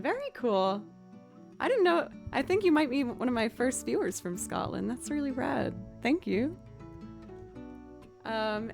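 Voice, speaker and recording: A young woman talks with her stream chat in a bright, upbeat way, thanking people by name and laughing often. Her voice is a bit higher than most and a little scratchy. Music plays clearly behind her. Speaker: livestream musician. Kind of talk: casual livestream chat with viewers.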